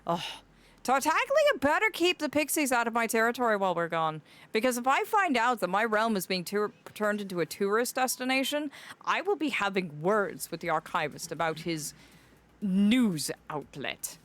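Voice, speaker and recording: A woman's voice: mid-range voice, big pitch swings, moderate pace, a bit bright. A young woman streaming live in a fae persona, theatrical and fond, calling her viewers "my dear". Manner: theatrical, greets chatters fondly as "my dear".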